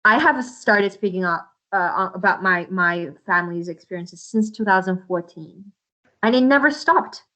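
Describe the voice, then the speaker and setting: A woman's voice: mid-range voice, normal speed, bright, forceful tone, rough recording. A woman answering interview questions in an earnest, impassioned way, often restarting her sentences. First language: Uyghur. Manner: impassioned, with many restarts and fillers. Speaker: interview guest.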